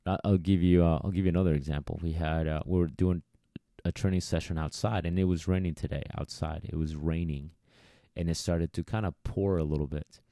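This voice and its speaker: A man's voice: deep voice, steady tone, fairly quick, dark tone, no echo, studio quality. A man, a dog trainer, talking casually to listeners and acting out quoted voices as he gives advice. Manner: chatty, coaching, acts out quoted voices. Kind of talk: casual podcast monologue.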